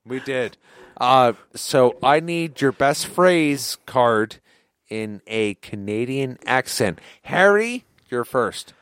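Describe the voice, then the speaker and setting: A drunk man hosting a podcast party game, loud and swearing. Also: medium pitch, expressive, slow, clean tone, dry recording, clean studio sound. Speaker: podcast host. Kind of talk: drunk casual banter.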